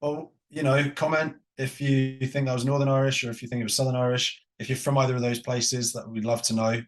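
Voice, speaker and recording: A man's voice: mid-range voice, flat delivery, fairly quick. A man from Britain co-hosting a podcast, chatting in an easygoing, agreeable way. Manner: easygoing, agreeable, laughs along. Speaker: podcast co-host. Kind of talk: casual podcast chat.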